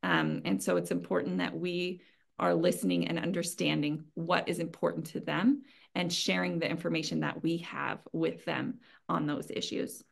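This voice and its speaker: A webinar presenter with a lowish, gravelly voice offers practical advice during an online training session. Her intonation stays fairly even at a moderate pace, and her earnest, conversational delivery is sprinkled with ums and small laughs.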